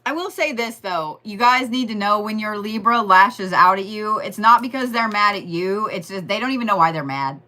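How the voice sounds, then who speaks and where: A woman's voice: medium pitch, moderate pace, few pauses, pushed and bright. A woman giving a casual, rambling astrology reading, joking and swearing as she talks straight to her listeners. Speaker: astrology and Reiki host.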